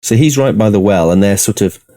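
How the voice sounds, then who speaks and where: A man's voice: lowish voice, brisk, dark tone, no room sound. A man narrating and running a tabletop horror game in an easygoing, chatty way. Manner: easygoing, laughing. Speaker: game master.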